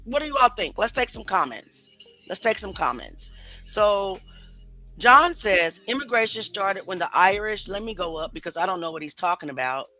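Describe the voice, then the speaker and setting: A woman's voice: medium pitch, very animated, moderate pace, pushed and bright, faint music behind, low-quality recording. A woman hosting a live stream, questioning the audience and reading comments aloud. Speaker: host.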